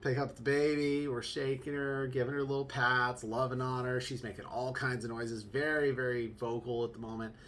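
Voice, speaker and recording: A young man hosting a casual podcast as a new father, telling stories in a joking, chatty way with quick asides. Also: medium pitch, fairly even intonation, fairly bright tone, slight background noise. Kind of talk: casual storytelling monologue.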